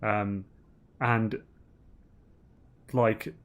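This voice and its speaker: A man's voice: on the low side, flat delivery, drawn-out words. Rambling, giggly man streaming. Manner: rambling, giggly, full of ums and restarts. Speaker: game streamer. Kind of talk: casual gaming banter.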